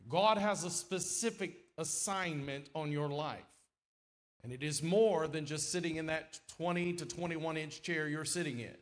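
A middle-aged man preaching a sermon in a church, folksy and lively, with sudden loud, emphatic swells. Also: fairly high pitch, measured pace. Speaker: guest preacher. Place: church sanctuary.

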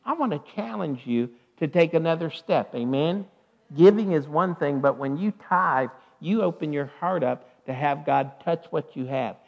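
A man's voice: on the high side, creaky, highs cut off. A man pastor giving church announcements and an offering sermon, punctuating his talk with "amen" and "hallelujah.". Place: church sanctuary.

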